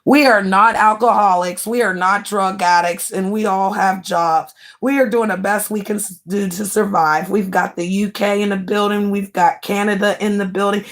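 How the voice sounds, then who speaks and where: A woman's voice: mid-range voice, fairly even intonation, moderate pace, few pauses. Brash, mocking woman livestreamer. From United States. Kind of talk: casual livestream chat.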